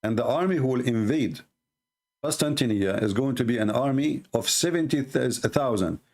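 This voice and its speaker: An Arabic-accented man, a native Arabic speaker, hosts a live debate show and argues with real emphasis. He repeats phrases and slows down to stress points, his medium-pitched voice animated and a little mellow.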